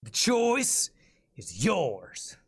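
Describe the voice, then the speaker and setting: A man voicing a grim male trailer narrator for a survival video game, with a deep, gritty Texas drawl and slow, drawn-out dramatic delivery. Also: wildly swooping pitch, breathy edge, heavily acted.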